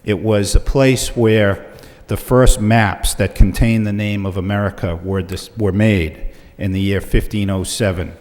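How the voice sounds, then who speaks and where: A man, the mayor, chairing a city council meeting and introducing guests in a measured way, with frequent fillers. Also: on the low side, fairly even intonation, darkish tone. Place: council chamber. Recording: reverberant chamber on meeting mics.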